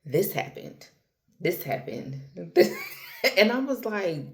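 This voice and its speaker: A woman's voice: mid-range voice, big pitch swings, unhurried. A woman talking casually and from the heart to her viewers, slangy and personal, calling the listener girl and baby. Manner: slangy, conversational, trails off and restarts; grows softer and more intimate toward the end. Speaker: spiritual vlogger. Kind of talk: casual heartfelt monologue to camera.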